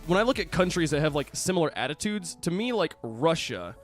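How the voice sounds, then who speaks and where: An American man co-hosting a podcast, chatting casually and telling animated stories with acted-out quotes. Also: on the high side, fairly quick, faint music behind. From United States. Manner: animated storyteller who acts out quoted voices. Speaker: podcast co-host. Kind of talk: casual chat.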